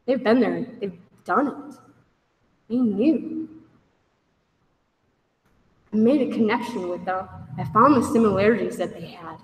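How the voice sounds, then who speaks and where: A woman's voice: mid-range voice, unhurried, long pauses, slight background noise. Woman sharing her recovery story in a hall. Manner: candid, animated, acts out dialogue with raised voice. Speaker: speaker at a recovery meeting. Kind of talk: personal recovery story told to a group. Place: meeting room. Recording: echoey hall from far off.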